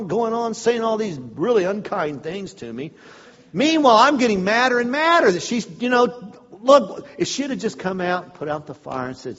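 A man telling a humorous personal story to a live audience, swinging between loud outbursts and hushed asides. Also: high voice, big pitch swings, moderate pace, in a large hall, muffled recording.

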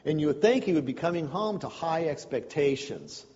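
Pastor type, casual explainer delivering a sermon, long hall reverb, slightly muffled recording. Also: male voice, on the high side, expressive, moderate pace, darkish tone. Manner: conversational, folksy asides.

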